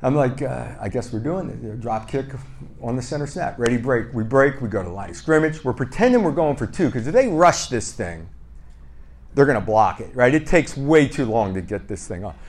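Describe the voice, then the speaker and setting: A man's voice: medium pitch, moderate pace. Man playfully retelling old stories. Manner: lively, re-enacts dialogue with "I go, he goes"; self-deprecating and playful. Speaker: podcast guest. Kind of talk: casual anecdotal storytelling.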